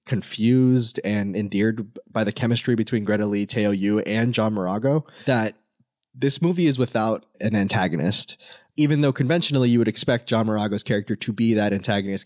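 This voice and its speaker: A young man co-hosts a film podcast, working through his thoughts with lots of pauses and restarts. His voice sits a little low and comes across dry and close to the mic. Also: darkish tone, no echo. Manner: thoughtful, many fillers and restarts. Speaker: podcast co-host. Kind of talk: casual film discussion.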